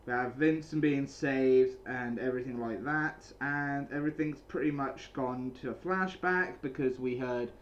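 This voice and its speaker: Speaking at a moderate pace with few pauses, this man has a medium-pitched voice, captured on dull audio carrying a bit of hiss or hum. He's at home in a small, cold room where a heater runs, casually going over and reviewing a comic chapter, rambling with lots of restarts and repeated phrases.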